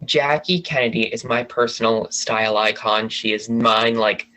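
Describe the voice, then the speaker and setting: This man from the Washington DC area is a podcast guest, rambling through gossip in a chatty way, often restarting and correcting himself. His mid-range voice moves little in pitch, runs at normal speed and sounds bright and forceful, though the recording is low quality.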